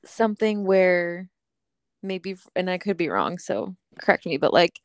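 A woman co-hosts a casual podcast chat and offers her thoughts gently and tentatively. Her voice sits a little low. The recording is close and dry. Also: animated, unhurried, no echo. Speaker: podcast co-host. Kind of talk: casual chat, supportive listening.

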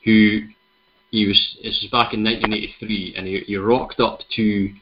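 A Scottish man hosting a podcast, chatting casually and telling a story with a relaxed, rambling manner. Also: on the low side, normal speed, a little hiss or hum. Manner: relaxed, chatty, many fillers. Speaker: podcast host. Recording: dull lo-fi recording.

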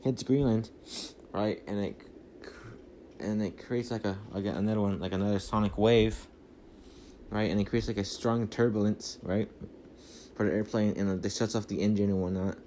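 A man's voice: fairly low pitch, steady tone, moderate pace, dark tone, a little hiss or hum. A man rambling through a casual movie recap on a phone mic, full of fillers and restarts. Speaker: podcast host.

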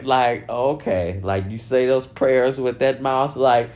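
A man's voice: medium pitch, slow. A man giving casual commentary, swearing freely and breaking into laughter often as he talks. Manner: laughs often, profane, animated. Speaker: commentary vlogger.

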